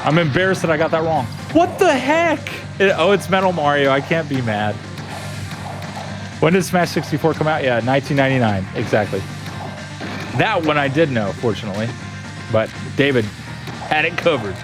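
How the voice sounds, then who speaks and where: An upbeat, playful man streams a video game, chatting casually with his viewers. His voice swoops up and down with lively energy. Game music plays clearly behind him. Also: fairly high pitch, normal speed. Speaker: live streamer. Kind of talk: casual live-stream chat while gaming.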